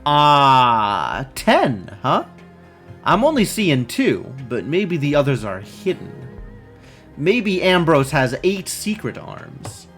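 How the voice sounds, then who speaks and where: A man's voice: a little high, wildly swooping pitch, takes it slowly, a bit bright, soft background music. A man streaming a game, reading its text aloud and adding wry, musing asides.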